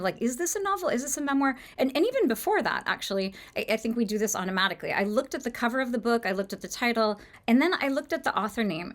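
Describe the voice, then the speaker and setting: Woman, book podcast host, casual monologue, thoughtful, musing, mid pitch. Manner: thoughtful, musing, many fillers and restarts.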